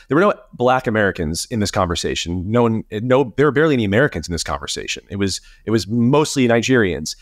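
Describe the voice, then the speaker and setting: Dry-sounding animated male podcast host. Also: no echo. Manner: animated, swearing, pitch jumps when indignant. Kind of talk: casual podcast chat.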